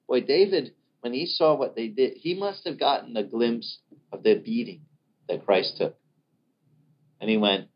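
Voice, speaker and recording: A man preaching a sermon in an animated way, acting out the voices of the people he quotes. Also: medium pitch, unhurried, husky. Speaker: pastor. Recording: dull lo-fi recording.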